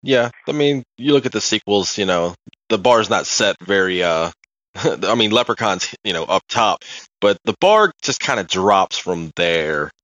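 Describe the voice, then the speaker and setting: Animated low-voiced man, casual podcast chat. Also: a little slow, no room sound, highs cut off. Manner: animated, laughing storyteller, swears casually. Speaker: podcast co-host.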